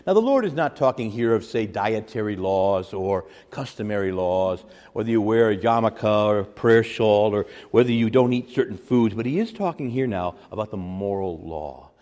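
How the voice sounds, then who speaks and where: A man preaching a teaching sermon as a priest, animated, acting out quotes with sudden loud, high bursts. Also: normal speed, hardly any pauses, long reverb tail.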